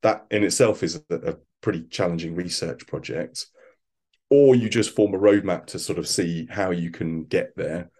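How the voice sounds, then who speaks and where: A man speaking as an expert guest in a conversational interview, thoughtful and halting, with frequent restarts. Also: deep voice, a little mellow, husky. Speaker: quantum computing expert guest.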